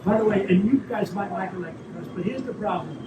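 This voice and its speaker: A man's voice: high-pitched, fast. A man giving an off-the-cuff Q&A speech as a politician, talking in a repetitive, boastful, rambling way full of asides. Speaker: politician answering audience questions. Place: event hall at a private club, live audience. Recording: echoey, dull audience recording with faint noise.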